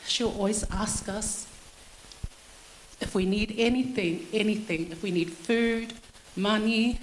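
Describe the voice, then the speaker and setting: A woman speaking at a family funeral service in a church hall, her voice bouncing around the room. She tells her stories in a loose, chatty way, with a few fillers, at an ordinary pitch. A faint hum of noise sits under the echo. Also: steady tone, slow. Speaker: daughter-in-law giving a tribute. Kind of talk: funeral tribute speech.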